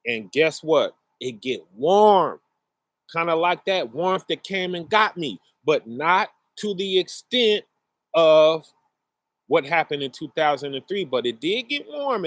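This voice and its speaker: A middle-aged man telling a personal story in a casual, earnest way, often checking in with the listener, his pace swinging between rushed and slow. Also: fairly high pitch, a bit bright, no room sound. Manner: conversational, often checks in with "right?" and "you know".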